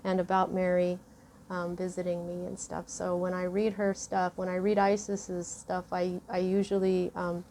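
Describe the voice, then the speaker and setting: A woman's voice: fairly low pitch, completely flat delivery, normal speed, warm tone, slight background noise. A woman giving a casual spoken tarot reading to her viewers in an earnest, rambling, chatty way. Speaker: tarot reader.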